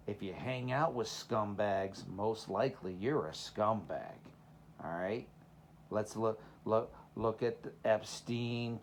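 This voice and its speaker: A man with a Southern accent preaches in a relaxed, conversational sermon. He mixes stories from his own childhood with moral lessons and keeps throwing rhetorical questions at his listeners. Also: lowish voice, a little hiss or hum. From Texas. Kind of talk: informal sermon with personal stories.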